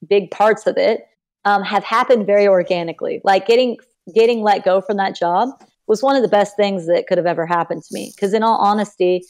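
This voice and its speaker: A young woman from Texas, a podcast guest, telling stories casually and acting out the people she quotes. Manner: animated, acts out quoted people with big pitch jumps. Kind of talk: casual storytelling in an interview.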